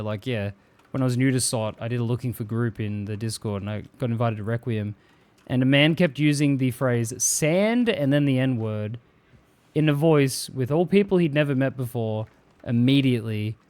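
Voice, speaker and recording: A man's voice: mid-range voice, expressive, normal speed, darkish tone. A man streaming live, chatting casually and swearing freely as he reads viewer messages aloud and jokes about them.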